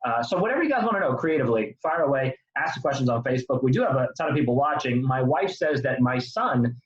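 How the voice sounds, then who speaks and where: A man's voice: medium pitch, animated, fast talker. A middle-aged man hosting a live stream, chatting casually over a video call and addressing viewers directly. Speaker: host, public speaking coach. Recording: roomy, dull lo-fi video call.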